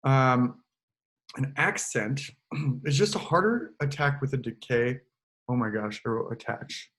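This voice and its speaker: In a medium-pitched voice and at a slightly slow pace, a man running an online choral lesson explains things calmly and occasionally sings short examples into a computer mic. A little background noise can be heard.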